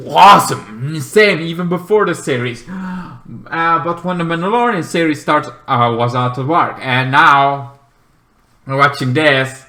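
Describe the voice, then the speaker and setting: A man hosting a casual show-review vlog. He is excitable and swears freely, breaking into loud shouts. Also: a little high, unhurried. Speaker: TV show reviewer and channel host.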